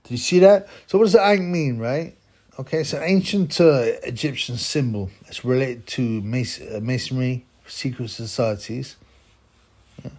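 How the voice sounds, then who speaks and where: A man's voice: mid-range voice, moderate pace, a little mellow. A man hosting a boxing channel, giving a rambling, opinionated commentary monologue full of asides and tags like "huh?" and "man".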